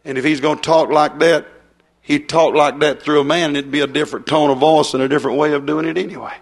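Man, preacher, fiery revival sermon, folksy, emphatic, slightly high pitch. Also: fairly even intonation, quick pace.

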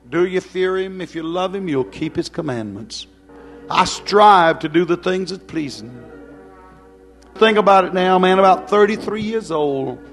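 Male preacher, gravelly and a bit high-pitched, fervent, swings loud to hushed. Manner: emotional, swings from loud cries to hushed prayer. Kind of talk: fervent revival sermon.

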